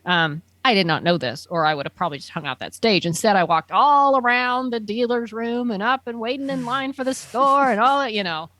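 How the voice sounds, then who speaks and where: A woman's voice: a little high, a little fast, hardly any pauses, fairly bright tone, no room sound. A woman chatting casually, telling an enthusiastic story full of fillers like "um" and "like". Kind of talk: casual chat.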